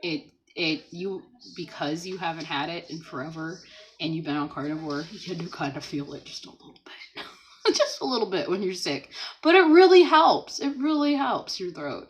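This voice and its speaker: A woman hosting a casual livestream from home, chatting, laughing often and reading viewer comments aloud, and talking gently to a small child beside her. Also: lowish voice, animated, moderate pace, a little hiss or hum, rough recording. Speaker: livestream host.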